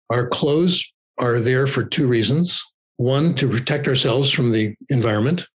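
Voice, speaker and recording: Older US man, husky, loose conversational guest, discursive and easygoing. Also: medium pitch, low-quality recording. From United States. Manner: relaxed, discursive, checks in with "okay?". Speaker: guest, language researcher. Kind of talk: conversational explanation.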